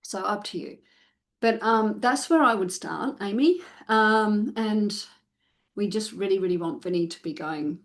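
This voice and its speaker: A woman's voice: mid-range voice, unhurried. A woman dog trainer answering viewer questions live, giving step-by-step advice with frequent fillers and restarts.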